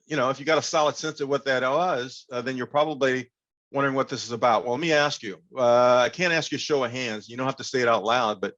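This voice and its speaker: A man giving an animated, interactive workshop talk over a video call, leading the audience in call-and-response. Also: mid-range voice, highs cut off. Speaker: workshop speaker.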